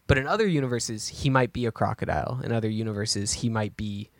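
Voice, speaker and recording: A man co-hosting a casual podcast, talking through his ideas with a gravelly edge. He rambles and restarts as he thinks aloud. The sound is dry and close to the mic. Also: fairly low pitch, quick pace, no room sound. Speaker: podcast co-host. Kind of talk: casual chat.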